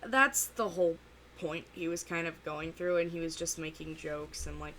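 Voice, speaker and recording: Talking her way through a reaction video, a woman rambles, stops and starts over, and relies on lots of fillers and pauses in her casual commentary. Her voice sits slightly low yet sounds very bright, with a faint hiss underneath.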